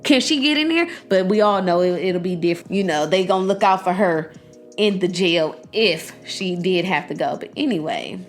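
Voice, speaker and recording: A young woman hosting a podcast in casual chat. She talks in an animated, profane way, laughs often and acts out the people she quotes. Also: on the low side, normal speed, soft background music. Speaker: podcast host.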